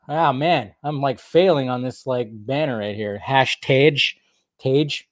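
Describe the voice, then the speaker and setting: A man's voice: medium pitch, slow, no room sound, clean studio sound. A man hosting a movie news channel, talking in a loose, rambling way with lots of fillers and casual swearing. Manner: loose and chatty, swears freely, full of fillers like "like" and "uh".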